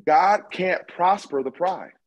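A man co-hosting a faith discussion, teaching about scripture in a calm, measured way that repeats key points. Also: high-pitched, low-quality recording. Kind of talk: conversational Bible teaching.

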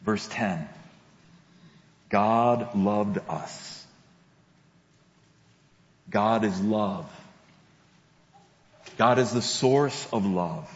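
Slow, deliberate male pastor preaching. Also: on the low side. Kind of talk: sermon. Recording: dull lo-fi sound with long hall reverb.

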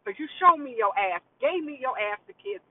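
A man's voice: very high-pitched, expressive, moderate pace, recorded from a distance, narrow, tinny audio. A man vlogging to his followers in a blunt, preachy straight-talk monologue, repeating lines for emphasis.

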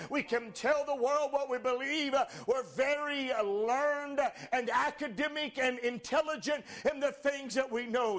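Male preacher, very high pitch, fervent sermon delivery with many fillers. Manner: fervent, frequent "uh" fillers, rising to shouts.

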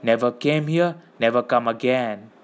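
A man's voice: mid-range voice, normal speed, smooth, natural voice. A man reading an audiobook and voicing a wretched, hungry male creature who whines and pleads, repeating his words. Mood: whimpering.

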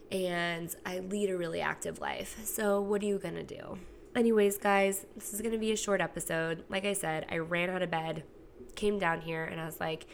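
Chatty gravelly-voiced woman podcast host. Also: lowish voice, slight background noise. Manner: chatty, candid, swears freely, acts out quotes. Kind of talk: casual solo podcast monologue. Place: home, recorded alone.

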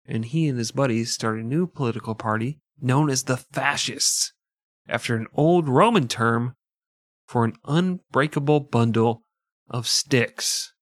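Male podcast host, sarcastic, casual narration, mid-pitched, dry close mic. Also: a little slow, dry recording. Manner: sarcastic, jokey asides between narration. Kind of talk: casual comedic history podcast chat.

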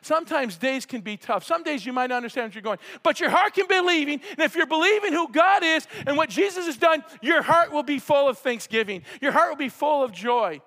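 A man preaching a sermon, fervent and often yelling with excitement. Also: extremely high pitch, fairly quick, hardly any pauses. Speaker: pastor. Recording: preacher in a hall with long reverb.

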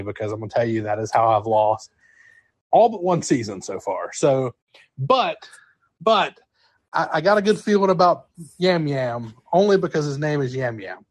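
A man's voice: mid-range voice, no echo. A man co-hosting a podcast, talking casually with many fillers and easy laughter, in a sentimental way. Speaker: podcast co-host. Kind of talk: casual chat.

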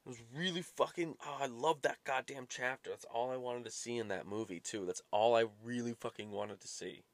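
Talking a little fast in a mid-range voice, a solo podcast host rambles and curses, wandering off onto tangents constantly. It's a dry recording.

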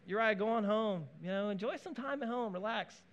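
A man's voice: high-pitched, a little fast, highs cut off, pitched above the performer's own voice, lightly acted. A preacher voicing a scheming ancient king who coaxes his soldier in a breezy, casual way. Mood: coaxing. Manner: breezy, coaxing.

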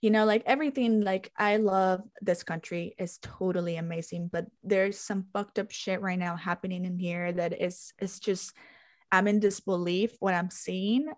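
A woman talking fast and forcefully on a casual podcast, cursing freely as she makes her points. Her voice sits at an ordinary middle pitch. She leans hard on her words and keeps the talk loose and unscripted. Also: fairly even intonation. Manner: emphatic and swearing. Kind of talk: casual spiritual chat. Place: lives in the United States.

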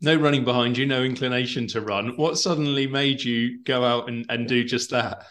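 A male interviewer poses his questions in an even, measured manner. His voice sits at an everyday middle pitch, and he pauses to restart a word now and then. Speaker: interviewer, host.

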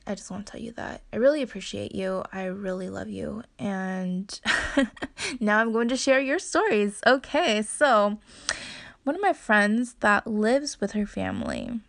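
A young woman speaking slowly and unhurriedly to her viewers, her voice carrying a slight gravelly fry. She talks gently and sincerely, dropping now and then into soft laughs and whispered asides. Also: medium pitch. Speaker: vlogger. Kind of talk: personal talk to camera.

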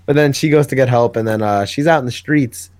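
A man co-hosting a podcast, chatting casually about the week's comics and retelling scenes with quick character voices. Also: medium pitch, a little mellow. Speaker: podcast co-host. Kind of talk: casual comic book review chat.

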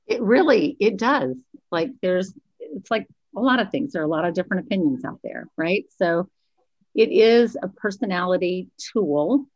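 A woman's voice: lowish voice, lively intonation, moderate pace, dry recording, dull audio. A woman in her fifties, a guest expert chatting casually on a podcast, talking chatty and self-deprecating.

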